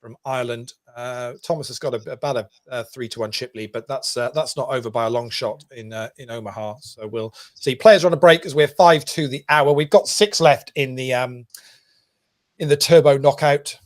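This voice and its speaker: A man co-hosting and calmly giving updates on play, his pitch in the middle range for men. He pauses and hums often as he goes. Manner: relaxed, many ums and uhs while updating scores. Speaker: co-host. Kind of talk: casual show commentary.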